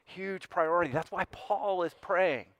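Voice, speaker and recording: A man's voice: high-pitched, measured pace, a bit bright, no echo, highs cut off. A male pastor preaching conversationally, restarting phrases and swelling on key points. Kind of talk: sermon.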